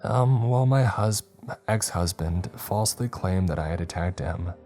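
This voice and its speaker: A man's voice: sits low, measured pace, a little mellow, soft background music. A man voicing a meek, prim young woman patient who speaks formally and whimpers. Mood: distraught.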